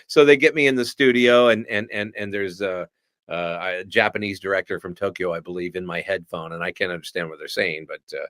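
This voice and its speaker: A middle-aged man, a voice actor, telling lively stories in an interview and slipping into different voices. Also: sits low, fairly quick, no echo, clean studio sound. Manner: animated storyteller who slips into voices. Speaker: voice actor guest. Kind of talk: storytelling in a podcast interview.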